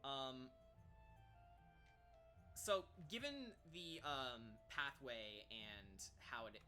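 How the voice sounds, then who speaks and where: A game master narrating a tabletop adventure, rambling with lots of ums and soft laughs. The voice is bright and the pitch moves a lot. Quiet music plays underneath.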